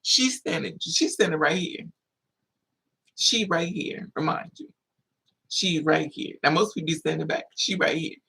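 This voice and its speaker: A husky, breathy voice tells a story straight to camera in a loose, casual way. The delivery is animated: the quotes of other people jump into high, squealing voices, then drop back to a middle-pitched, easy narrating tone. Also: a little slow. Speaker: vlogger.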